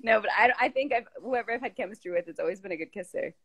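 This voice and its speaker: A woman's voice: mid-range voice, lively intonation, racing, a crowd in the background. A woman chatting casually on a live stream, reading out viewer questions with plenty of fillers. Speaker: actress co-hosting a live stream. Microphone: phone on a live video stream.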